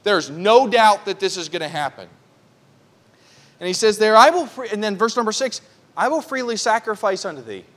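A pastor preaching an earnest, conversational Bible-teaching sermon at a church prayer service, stressing points by repeating them. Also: male voice, high voice, lively intonation, moderate pace, a bit bright.

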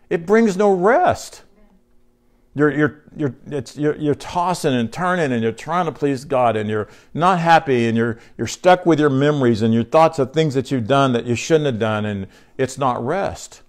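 This pastor, running short on sleep, preaches at a medium pitch and moderate pace with few pauses. His sermon is folksy and conversational, mixing scripture read aloud with frequent questions to the room.

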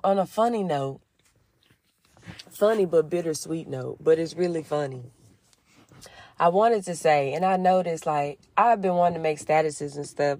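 A woman's voice: on the low side, warm tone, no echo. A woman chatting casually with her followers, slangy and rambling, full of asides. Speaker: vlogger and small business owner.

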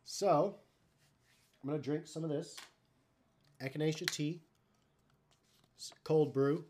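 A man's voice: on the high side, fairly even intonation, slow pace, a little mellow. A man hosting a live stream in casual chat, talking in a loose, rambling, profane way.

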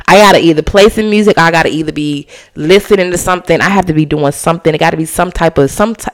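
A woman hosting a casual solo podcast, animated and chatty, slipping into slang and cussing. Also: low-pitched. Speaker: podcast host.

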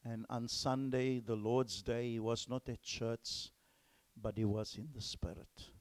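A male pastor, preaching a sermon emphatically and swinging between loud exclamations and hushed whispers. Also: medium pitch, little pitch movement, unhurried.

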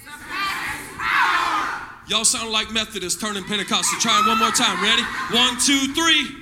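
A man's voice: sits high, a little fast, a loud crowd, heavy background noise. A male pastor preaching a sermon, full of call-and-response and repeated phrases in front of a congregation. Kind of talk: energetic shouted sermon. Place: church service with congregation.

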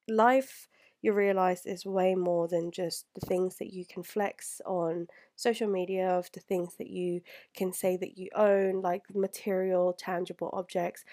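A woman's voice: mid-range voice, darkish tone. A young woman, talking in an earnest, rambling way to her past self, close to tears. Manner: earnest, rambling, fillers and restarts. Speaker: vlogger.

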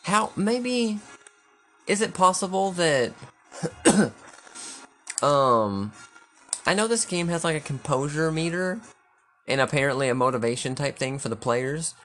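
A man commenting casually on his own football video game, thinking aloud, swearing freely and getting excitable on big plays. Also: a little high, a little slow, pauses often.

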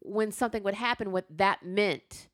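A woman's voice: mid-range voice, moderate pace, dry recording, studio quality. A woman hosting a podcast in casual chat, telling stories and acting out what others said. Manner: chatty storyteller, acts out quoted reactions. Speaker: podcast host.

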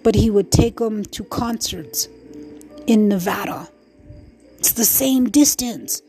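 A middle-aged woman speaks slowly in a mellow, darker tone, pouring out hurt in a profane, rambling podcast monologue. She breaks off and restarts her sentences often. Faint music sits low behind her voice. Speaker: podcast host. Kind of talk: emotional personal monologue.

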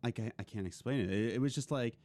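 A young man co-hosting a casual chat, rambling excitedly with many restarts. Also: medium pitch, fast. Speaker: podcast co-host.

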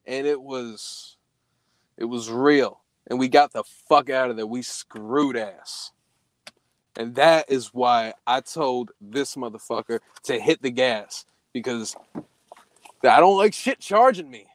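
A young man casually telling a spooky story, swearing a lot and jumping to a high voice when he quotes himself. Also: no echo. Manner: profane, animated, voice jumps high when quoting himself.

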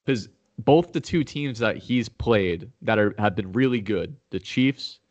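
Low-voiced man rambling through sports picks. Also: expressive, unhurried, no room sound, muffled recording. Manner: rambling, restarts, heated profane banter. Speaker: podcast host making game picks. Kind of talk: casual sports chat.

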